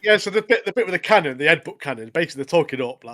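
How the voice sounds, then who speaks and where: A man co-hosting a podcast, recapping episodes in casual, animated chat. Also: fairly high pitch, very fast. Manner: animated recapping, frequent "mate". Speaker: podcast co-host.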